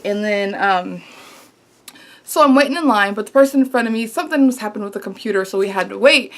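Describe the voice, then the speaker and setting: A woman vlogger telling a story in a casual, animated way, exasperated and acting out what was said. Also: mid-range voice, fairly quick. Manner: animated, exasperated retelling with quoted asides.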